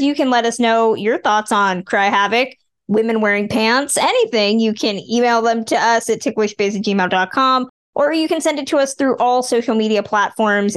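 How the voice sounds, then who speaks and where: A woman hosting a podcast, chatting casually and a little emotionally about old films. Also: on the high side. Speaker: podcast host.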